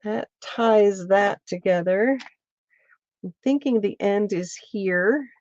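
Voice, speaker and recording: Woman host thinking aloud through a stitching demo on a stream, slow and easygoing, close dry lo-fi mic. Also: medium pitch, a little mellow, no room sound. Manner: chatty, thinks aloud, greets viewers by name. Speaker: craft show host. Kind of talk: casual livestream stitching demo. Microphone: streaming setup mic.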